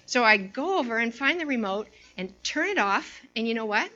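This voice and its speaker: A woman's voice: on the high side, very animated, normal speed, pushed and bright, highs cut off. A woman giving an informal sermon to a women's group, telling a personal story full of fillers and restarts before reading scripture. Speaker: women's ministry speaker.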